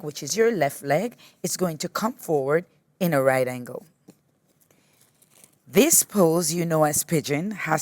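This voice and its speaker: Calm woman yoga instructor, lower register, talks students through poses slowly and encouragingly. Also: dry recording, studio quality. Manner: slow, patient step-by-step cueing; gently encouraging. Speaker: yoga teacher. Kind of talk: guided yoga class instruction.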